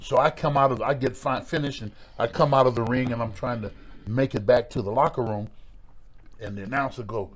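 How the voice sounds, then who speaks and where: A middle-aged man, a former pro wrestler, telling stories in a relaxed interview, with a lively way of talking that acts out voices and repeats words. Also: mid-range voice, brisk. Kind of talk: storytelling in a podcast interview.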